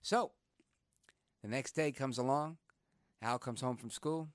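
Animated New radio host. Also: male voice, mid-range voice, moderate pace, no echo, clean studio sound. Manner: animated, conversational, outraged then reflective. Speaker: radio talk show host. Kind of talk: talk radio monologue. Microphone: studio microphone.

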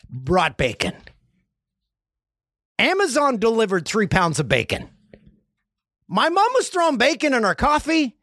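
A man's voice: high voice, gravelly, dry recording, studio quality. A man hosting a podcast, from Canada, telling rambling jokey stories in a casual comedic monologue. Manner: rambling, jokey storytelling with lively swings. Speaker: podcast host.

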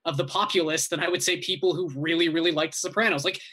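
Casting: bright, slightly high male co-host, agreeable and thinking aloud in casual chat. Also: fairly even intonation, fast, slightly rough. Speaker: podcast co-host.

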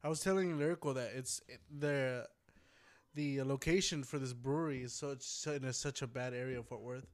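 A man in casual podcast chat, laid-back and quick to laugh. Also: mid-range voice, steady tone.

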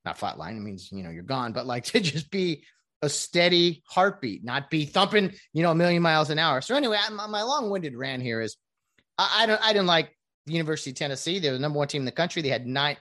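A woman's voice: low voice, lively intonation, quick pace, fairly bright tone. A woman ranting casually to viewers about sports, rambling with many restarts and asides. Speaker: sports commentator.

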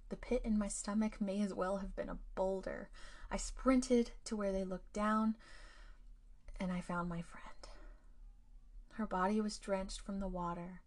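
A woman hosting a storytelling podcast, narrating a scripted ghost tale in a hushed, often near-whispered delivery. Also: mid-range voice, steady tone, measured pace.

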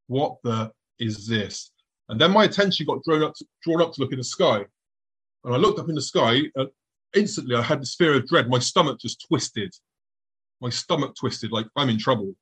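A middle-aged man telling a tense personal story to an audience, acting out his past thoughts in a hushed voice. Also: medium pitch, husky, rough recording.

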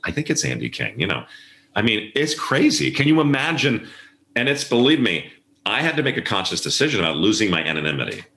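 A man's voice: medium pitch, lively intonation, a little fast, sharp tone. A middle-aged man, an event planner, telling stories in a casual interview and acting out the voices of people he quotes. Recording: echoey room.

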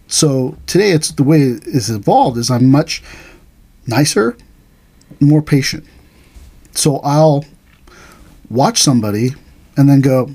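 A man's voice: mid-range voice, animated, moderate pace, dark tone, slightly rough. A middle-aged man, an aikido teacher, telling stories in casual chat, acting out quoted voices and laughing along.

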